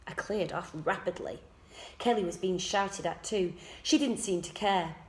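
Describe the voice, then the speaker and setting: Teacher reading a story softly. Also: female voice, lowish voice, a little slow. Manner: soft, quiet first-person narration. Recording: echoey room.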